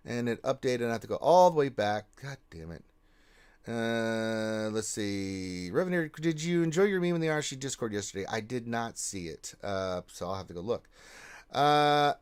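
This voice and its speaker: A man hosting a casual gaming livestream, reading out chat messages and giving loud shout-outs to viewers. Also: mid-range voice, clean tone.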